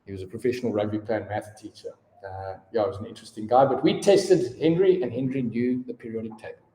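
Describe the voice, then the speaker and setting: A man's voice: on the low side, fast talker, mellow. A man in his fifties teaching a class, chatty and given to storytelling asides. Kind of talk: classroom lesson. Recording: echoey room with long reverb.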